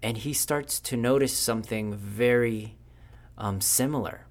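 A man's voice: mid-range voice, a little slow. A man telling an improvised story in a casual, unscripted way, with fillers along the way.

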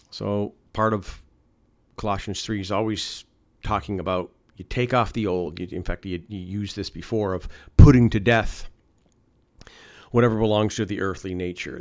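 A man preaching a conversational sermon, often adding "you know" and "okay?" as he talks. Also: mid-range voice.

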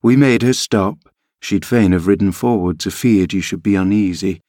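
A man's voice: low voice, normal speed, warm tone, no echo, clean studio sound. A man reading an audiobook, voicing a kindly country servant woman with plain rustic speech. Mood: reassuring.

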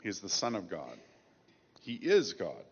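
A lower-pitched man delivering a sermon in a measured, emphatic way, leaning on key phrases. The sound is dull and lo-fi, with a long reverb trailing each line. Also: wildly swooping pitch, vocal fry, slightly rough. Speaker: pastor.

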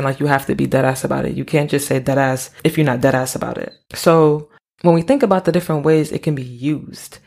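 A young adult woman hosting a podcast, explaining things in a relaxed, conversational way with casual slang and asides. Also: sits low, vocal fry. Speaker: podcast host.

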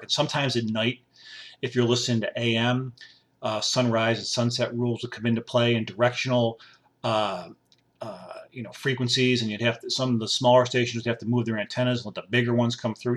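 A man's voice: mid-range voice, a bit bright. A man in his sixties from upstate New York hosting a podcast from a home studio, riffing playfully in a rambling, repetitive monologue. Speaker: podcast host.

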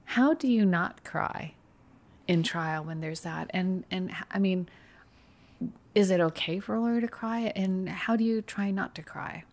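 A woman hosting a podcast interview, asking her guest curious questions at a quick clip. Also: medium pitch, a little mellow. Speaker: podcast host.

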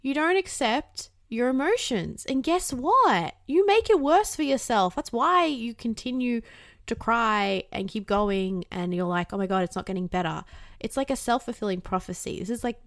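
A woman's voice: fairly high pitch, lively intonation, moderate pace, no room sound. Candid, swearing young woman, dry close sound. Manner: candid, swears casually, acts out inner voices. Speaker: self-help vlogger. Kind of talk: casual advice talk to camera.

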